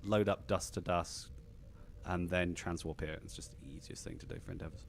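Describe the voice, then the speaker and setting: A man's voice: low-pitched, fairly quick, creaky, a little hiss or hum. A man with a slightly posh English accent hosting a casual live stream, rambling and restarting his sentences. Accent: slightly posh southern English. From England. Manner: animated and rambling, many restarts. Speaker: podcast host.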